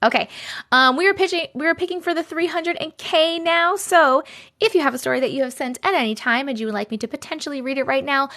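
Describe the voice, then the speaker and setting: A woman's voice: high voice, vocal fry, fairly bright tone. A woman hosting a livestream, chatting casually and reading viewer stories aloud, chatty and effusive as she reacts to the chat.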